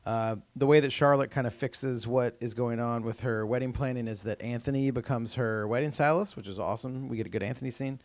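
A man's voice: mid-range voice, fairly even intonation, brisk, hardly any pauses, dry recording. A man co-hosting a podcast, chatting casually as he recaps a TV episode, with lots of "um" and "uh" and restarts. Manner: rambling with many fillers and restarts. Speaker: podcast co-host.

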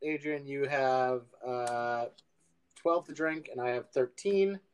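A man hosting a podcast in casual chat, laid-back and pausing often with ums. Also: mid-range voice, animated, smooth. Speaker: podcast host.

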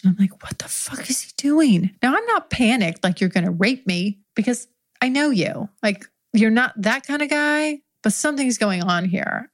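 A woman hosting an adult podcast, telling an improvised first-person story in a candid, profane way and laughing often as she goes. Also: medium pitch.

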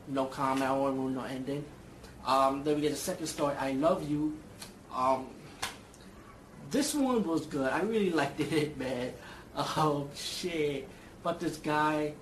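A man's voice: on the high side, a little hiss or hum. Rambling, profane man in an echoey room. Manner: rambling and profane, with many fillers and restarts. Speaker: vlogger reviewing a film. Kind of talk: casual movie review vlog.

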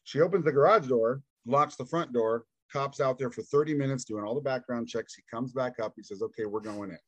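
A man's voice: mid-range voice, brisk, no echo. Man telling a story in a dry room. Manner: animated, acts out quoted dialogue; casual, says "dude". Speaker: podcast guest. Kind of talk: casual storytelling interview.

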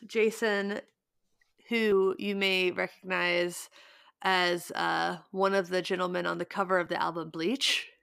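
A woman's voice: lowish voice, little pitch movement, a little slow, creaky, fairly bright tone, smooth, dry recording, studio quality. A woman co-hosting a podcast, chatting casually in a rambling way with many fillers. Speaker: podcast co-host. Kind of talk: casual chat.

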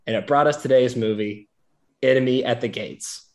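A man's voice: mid-range voice, moderate pace. A young man hosting a casual movie discussion, chatty and rambling as he leads the talk. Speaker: podcast host. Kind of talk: casual chat.

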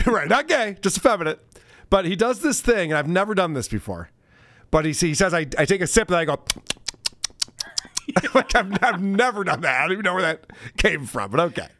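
A man's voice: sits high, very animated, a little fast, sharp tone, no room sound. A man co-hosting a podcast, chatting casually and mockingly about video clips, laughing often. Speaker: podcast co-host.

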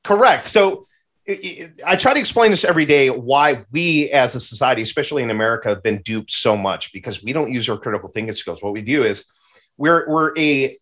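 A man in casual podcast conversation, ranting with profanity and animated exclamations. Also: mid-range voice, brisk. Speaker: podcast guest.

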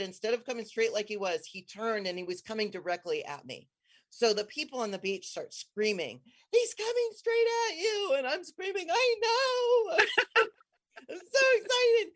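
An enthusiastic, rambling storyteller with a voice of middle pitch. They chat casually, circle back through false starts and suddenly leap upward when reliving a thrilling moment. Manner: excitable, bursts into high squeals when quoting herself; rambling, many restarts and trailing phrases. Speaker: guest telling a personal story.

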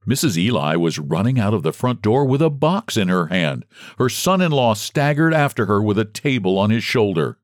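A man's voice: fairly low pitch, moderate pace, hardly any pauses, no echo, studio quality. A man reading a story aloud as an audiobook narrator. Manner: expressive storytelling. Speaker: audiobook reader. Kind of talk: scripted narration.

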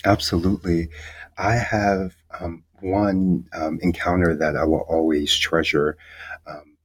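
A young man interviewing an author, speaking in a measured way with frequent filler pauses. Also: deep voice, level tone, husky. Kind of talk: interview questions and conversation.

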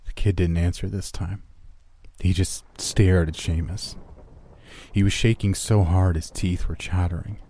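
A man reading a first-person horror story aloud in a low, steady, grim manner. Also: measured pace, slight background noise.

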